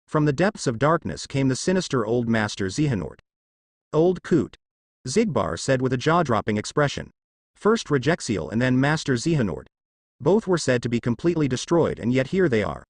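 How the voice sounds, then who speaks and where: Lively male storyteller reading fan fiction. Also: mid-range voice, brisk, no room sound, studio quality. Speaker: narrator.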